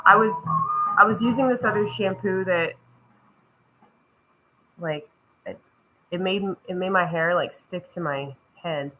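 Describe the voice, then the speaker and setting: A woman's voice: lowish voice, measured pace, pauses often, background noise. A woman rambling and swearing freely in a casual home vlog, walking around a cluttered house as she films on her phone. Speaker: vlogger.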